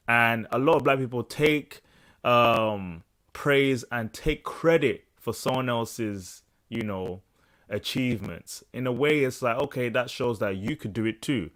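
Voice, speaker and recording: A man from the UK talking casually on a podcast panel, animated and halting with restarts. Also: mid-range voice, no echo. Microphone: headset over video call.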